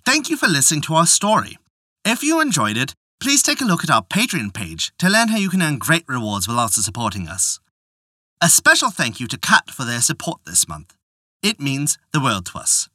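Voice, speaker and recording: A podcast storyteller narrating a folk tale with an expressive, scripted reading. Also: medium pitch, a little fast, no room sound, clean studio sound.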